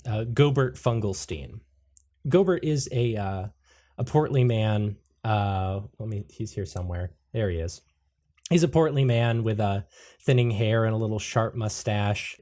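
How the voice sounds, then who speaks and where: Male game master, halting narration, lots of ums. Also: mid-range voice, mellow. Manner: hesitant, filler-heavy, laughing.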